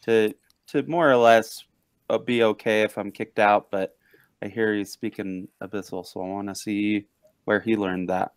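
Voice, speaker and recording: Smooth, low-voiced hesitant man. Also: fairly even intonation, moderate pace, no echo. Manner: hesitant, stammering. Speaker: player. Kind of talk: tabletop game play.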